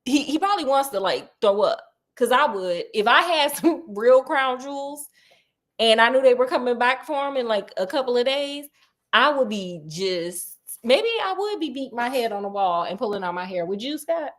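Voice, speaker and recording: A woman's voice: fairly high pitch, expressive, normal speed, a bit bright. A woman retelling a story in a casual, chatty way, with digressions and laughing asides.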